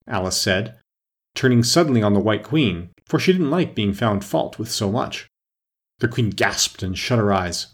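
Male storybook reader, husky, lively intonation. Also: on the low side, normal speed. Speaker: narrator. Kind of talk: storybook reading aloud.

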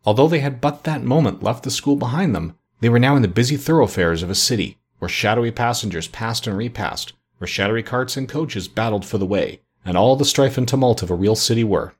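A man narrating a classic story as an audiobook in a measured, expressive reading. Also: mid-range voice, husky.

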